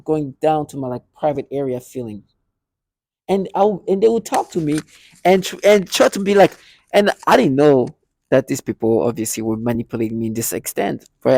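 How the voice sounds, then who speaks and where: A male vlogger rambles through a personal monologue full of restarts and repeated words, acting out both sides of conversations he remembers. His voice is a little high, creaky, and mellow, recorded in studio quality with no room sound.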